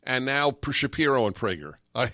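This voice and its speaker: An emphatic man hosts a call-in radio show and argues his points earnestly. His voice sits at a middle pitch and sounds close and dry, with no room around it. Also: sing-song, moderate pace, pushed and bright, no room sound. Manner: emphatic, earnest, sarcastic asides. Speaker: radio talk show host.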